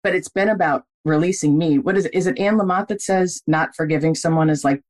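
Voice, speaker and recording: A woman's voice: low-pitched, quick pace, darkish tone. A woman hosting a casual faith conversation, affirming her guest and speaking freely with many fillers. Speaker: podcast host.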